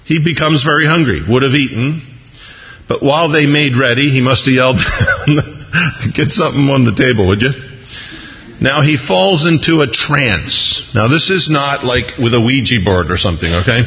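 A man's voice: medium pitch, normal speed, long reverb tail. A man preaching a sermon in a folksy, humorous way, acting out scenes with little voices, heard on a muffled radio broadcast. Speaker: pastor.

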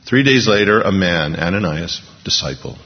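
Gravelly low-voiced male preacher. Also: lively intonation, normal speed, big-room sound, lo-fi sound. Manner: earnest preaching, swinging between hushed and emphatic. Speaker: pastor. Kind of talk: sermon.

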